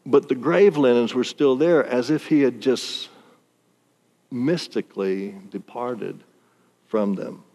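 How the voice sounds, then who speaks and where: A man's voice: medium pitch, takes it slowly. Storytelling male preacher in a hall. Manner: animated storytelling, chuckles often. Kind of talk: sermon. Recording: long reverb in a large hall.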